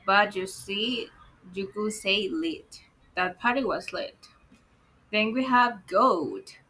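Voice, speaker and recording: Bright, unhurried woman, teaching an online English lesson and checking in with her viewers. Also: mid-range voice. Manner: explains patiently, asks "right?" often, calls viewers "guys".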